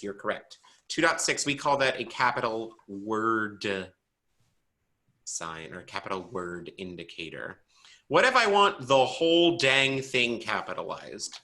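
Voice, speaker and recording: With a mid-range voice, a man leads an online braille lesson, breaking things down one step at a time in a lively, playful manner and testing his students with questions.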